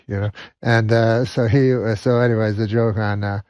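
A middle-aged male comedian telling stories and jokes in a deadpan, drawling talk-show manner. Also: lowish voice, fairly quick, long reverb tail, lo-fi sound.

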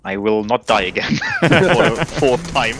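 A man putting on a game villain's voice, delivering drawn-out threats. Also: medium pitch, huge pitch swings, background noise, voice pushed down. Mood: menacing.

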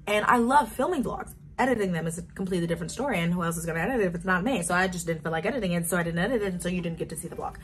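A woman's voice: fairly low pitch, very fast, hardly any pauses. An eighteen-year-old woman chatting casually in a get-to-know-me vlog, bubbly and wandering off on tangents. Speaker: vlogger.

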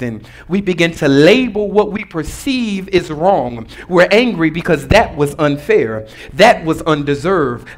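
High-voiced pastor preaching conversationally. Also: male voice, a bit bright. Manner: conversational, humorous preaching with congregation call-and-response. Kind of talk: sermon.

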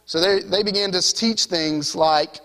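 A man's voice: high voice, measured pace, sharp tone, big-room sound. A young man with a Southern US accent preaching an evening sermon, reading scripture and keeping it conversational with the congregation. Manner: conversational, keeps asking "right?" of the congregation. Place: church sanctuary.

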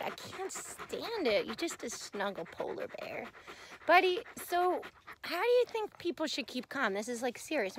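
A woman talking to her dog in a casual vlog, animated and quick to giggle. Her voice is bright and rather high, swinging widely in pitch. A gravelly fry creeps into her lower notes. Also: slight background noise. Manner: animated and giggly, fond baby talk to the dog. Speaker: pet psychic.

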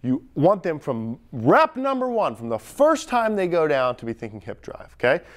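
A young man coaching lifters on a gym platform, energetic and talking straight to the group, recorded on a camera mic as he moves around. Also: a little high, moderate pace. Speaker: strength coach. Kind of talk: live coaching demonstration. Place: gym platform at a lifting camp.

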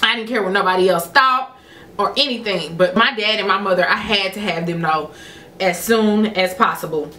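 A woman's voice: medium pitch, normal speed, sharp tone, echoey room, slight background noise. A woman vlogger telling a personal story to her viewers in a candid, chatty way. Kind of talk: storytime vlog.

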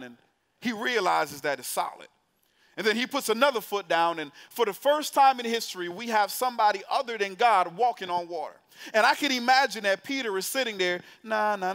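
In a church sanctuary, a man with a high-pitched, fairly bright voice preaches a storytelling sermon to young adults. He tells the story playfully and conversationally, putting direct questions to the congregation.

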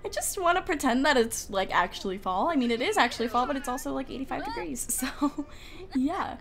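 Chatting and giggling, a young woman talks to her characters while commentating a life-sim game for YouTube in a room at home. Her high voice is expressive and a little fast, and faint outdoor sounds drift through the open window.

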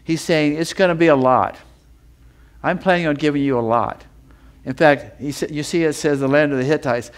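A man teaching a sermon with feeling, building up with repeated phrases and reading scripture in a slower, lower voice. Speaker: Bible teacher.

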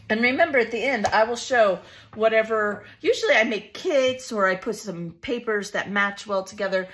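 A woman's voice: mid-range voice, fairly bright tone, slight background noise. A woman vlogger unboxing scrapbooking supplies at her craft desk, gushing and emotional, laughing often in casual chat.

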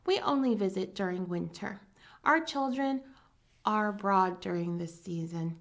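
A woman's voice: mid-range voice, a little slow, natural voice. Woman reading as a kindly older man. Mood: friendly.

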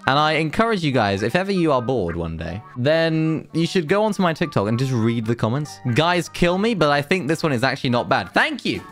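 A young man doing a casual, jokey reaction video, reading viewer comments aloud and teasing them. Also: mid-range voice. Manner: jokey, reads comments aloud in mock voices.

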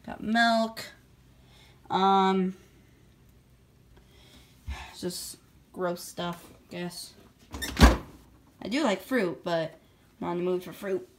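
A woman's voice: on the low side, a little hiss or hum. A woman voicing a dopey, easily distracted dinosaur pal. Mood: rambling. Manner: slow, rambling, easily distracted. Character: dim, cheerful male dinosaur pal. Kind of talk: homemade toy-figure video acting.

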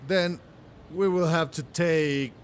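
A man's voice: a little high, fairly even intonation, slow pace, slight background noise. A man voicing a formal, official child-services inspector in a dubbed film drama.

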